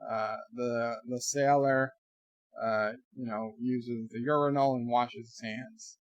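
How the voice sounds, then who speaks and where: A man's voice: mid-range voice, slow pace, dry recording. An American man hosting a casual livestream from his bedroom, joking and rambling as he reads out viewer comments. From United States. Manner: joking, rambling, animated asides. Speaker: livestream host.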